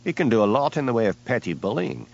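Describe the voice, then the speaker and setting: A man playing a lazy, easygoing village policeman with a Scottish Highland accent, mild and unhurried. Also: big pitch swings, gravelly, highs cut off. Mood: dry.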